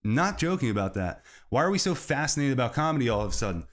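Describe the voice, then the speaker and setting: Dude rambling thru a solo comedy podcast, voice bouncing all over, cracks himself up. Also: male voice, mid-range voice, big pitch swings, quick pace, few pauses. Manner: rambling, swerving into bits, laughs at own jokes. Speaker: podcast host.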